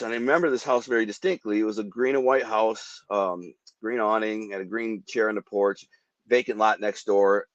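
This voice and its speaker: A man's voice: medium pitch, fairly bright tone, no room sound. A man telling a dramatic story from his own life in a vivid, rambling way, acting out the voices he quotes. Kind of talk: intense personal storytelling. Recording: dull dry podcast audio.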